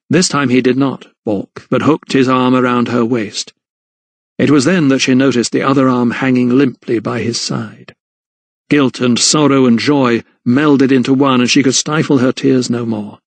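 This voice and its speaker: A man narrating a historical mystery audiobook in a measured, even storytelling voice. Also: mid-range voice, no echo. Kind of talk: scripted narration.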